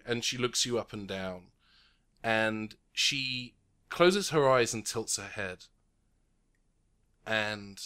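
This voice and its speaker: A man's voice: medium pitch, sharp tone. A man narrating a tabletop game as game master, recorded remotely, describing scenes with many fillers.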